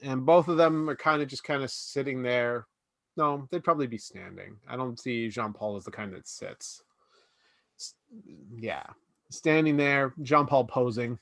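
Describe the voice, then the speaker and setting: Game master, male, casual and jokey, mid-pitched, dry close mic. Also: measured pace, vocal fry, fairly bright tone, no room sound. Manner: loose, laughing, voices several characters. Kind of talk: narrating a tabletop game.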